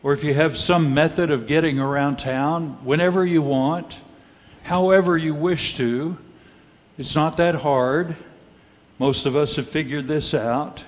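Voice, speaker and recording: A man preaching a sermon as pastor, measured and rhetorical, with dry, wry asides and pointed questions to the congregation. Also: on the high side, steady tone. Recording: long hall reverb.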